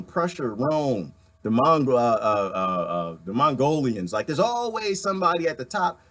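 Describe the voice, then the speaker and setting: A man in a casual ranting monologue to viewers, talking into a phone, his voice swinging from loud to soft and breaking into laughs. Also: mid-range voice. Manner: animated, swings loud and soft, laughs often, talks to chat. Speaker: online talk host.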